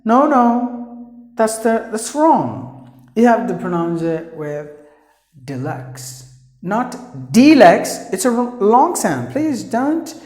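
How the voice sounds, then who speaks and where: Slow, earnest Indian English teacher. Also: male voice, high-pitched, sing-song, a little mellow, reverberant. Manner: earnest, spells out sounds, repeats words slowly. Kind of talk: pronunciation lesson. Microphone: camera operated by his wife.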